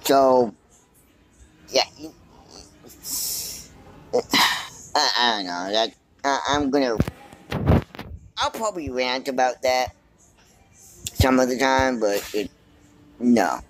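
Slow, rambling man vlogging in a store. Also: mid-range voice, animated, a bit bright, rough recording. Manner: rambling, thinking aloud. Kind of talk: casual walk-and-talk vlog. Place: inside a large store. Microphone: handheld phone.

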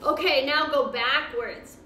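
A woman guides children through yoga in a slow, unhurried, sing-song voice that sits very high. Her tone is bright and encouraging. She sounds far from the mic in a very echoey room with faint background noise. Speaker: kids' yoga teacher. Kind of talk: guided kids' yoga class. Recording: roomy echo from far off.

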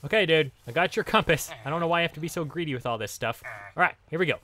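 Excitable, giggly man narrating a game. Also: a little high, racing, slight background noise. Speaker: gaming channel host. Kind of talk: Let's Play commentary.

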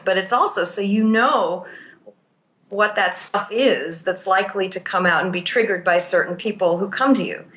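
A woman's voice: medium pitch, a bit bright. Thoughtful woman therapist, roomy sound. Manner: thoughtful, explains through worked examples. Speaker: therapist and teacher of pastoral care. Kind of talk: explanatory interview conversation.

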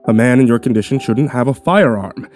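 A man doing a sinister male asylum doctor from a horror story reading. He speaks in a quiet, unhurried, menacing hush and keeps his voice low. Faint music plays underneath. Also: lightly acted. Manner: quiet, menacing, slow and coaxing. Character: creepy soft-spoken male asylum doctor.

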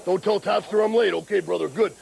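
A middle-aged man co-hosting a wrestling show, talking in a rambling, gravelly growl and a little out of breath. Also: high-pitched, fast talker, darkish tone, slight background noise, low-quality recording. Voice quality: gravelly, growling, keeps saying brother.

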